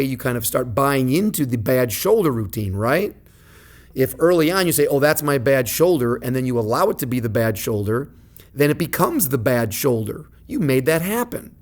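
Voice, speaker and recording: A man in his thirties hosting a podcast, telling a personal story in a casual, animated way. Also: mid-range voice. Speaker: podcast host.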